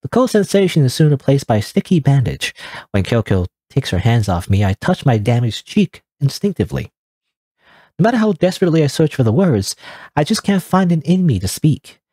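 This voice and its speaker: A man's voice: mid-range voice, very animated, brisk, mellow, dry recording, studio quality. A man reading a timid apologetic schoolgirl. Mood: wistful. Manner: fragile, apologetic, tearful. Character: timid self-loathing teen schoolgirl narrator.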